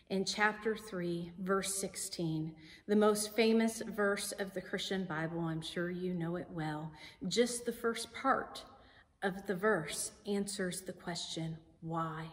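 Slow, deliberate woman preaching in a church. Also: fairly low pitch. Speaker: pastor. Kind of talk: sermon. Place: church sanctuary. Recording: sanctuary with long reverb.

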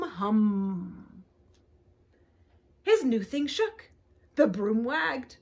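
Animated, breathy storytime librarian woman. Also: on the high side, very slow, pauses often. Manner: animated and expressive, speaks to young children. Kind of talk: children's storytime reading.

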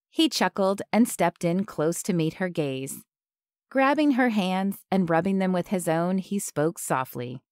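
A woman narrating an audiobook in a measured, even way. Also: on the low side, smooth, dry recording, studio quality. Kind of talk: scripted narration.

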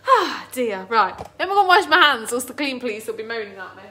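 A woman hosting a chatty live cooking stream from her home kitchen, bubbly and excitable. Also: high-pitched. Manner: bubbly, excitable, quick to laugh and tear up. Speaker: cooking livestream host.

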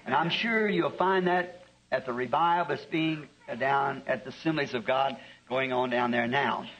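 A man's voice: mid-range voice, moderate pace, fairly bright tone. A man, a preacher telling a homespun story in a sermon, chuckling through his anecdotes. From American South. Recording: dull lo-fi archive tape.

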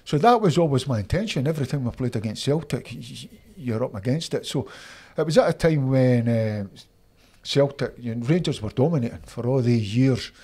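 An older man with a Scottish accent, telling animated stories from his football career as an interview guest. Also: medium pitch, fairly quick, breathy edge. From Scotland. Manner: animated anecdotes, acts out voices of others. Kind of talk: casual storytelling.

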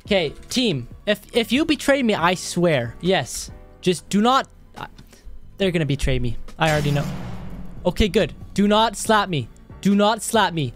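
Excitable man yelling through game commentary. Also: high-pitched, normal speed, faint music behind. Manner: excitable, yelling in panic then mumbling to himself. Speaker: gaming video creator. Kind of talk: let's play game commentary.

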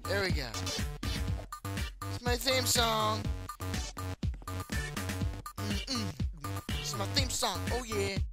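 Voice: mid-range voice, very slow, long pauses, loud music behind the voice. A playful gamer giving casual commentary and chatting goofily with characters in the game. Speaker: gameplay commentator.

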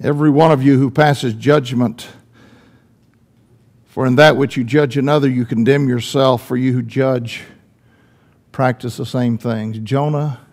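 A man preaching a sermon in church, swinging between loud emphatic lines and hushed, drawn-out ones. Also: medium pitch, fairly even intonation.

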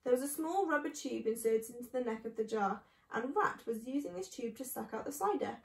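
Brief: woman storyteller reading a children's book aloud, high voice, echoey room. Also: brisk, gravelly, far from the mic. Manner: expressive.

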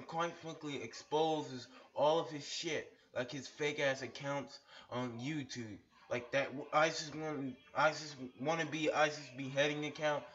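A man's voice: fairly high pitch, a bit bright. Profane man ranting, lo-fi audio. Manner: profane, insulting, repetitive; shirtless on camera. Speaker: YouTuber. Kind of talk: angry rant video. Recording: dull lo-fi webcam audio.

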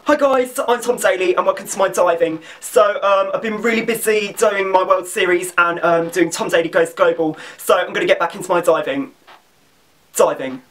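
A man's voice: high-pitched, a bit bright. A man doing an awkward young sportsman. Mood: earnest. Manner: halting, awkward with ums. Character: earnest young male athlete, awkward.

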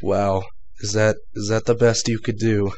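A man's voice: fairly low pitch, flat delivery, normal speed, very noisy. A young man doing a comedic fan dub, improvising profane, rambling, self-mocking lines. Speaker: fan dubber.

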